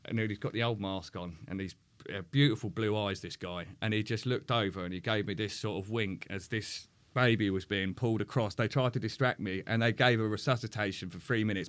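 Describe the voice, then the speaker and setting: Low-voiced Englishman telling a raw story. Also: fairly bright tone. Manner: emotional, swears often, halting restarts. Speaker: podcast guest. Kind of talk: candid personal storytelling.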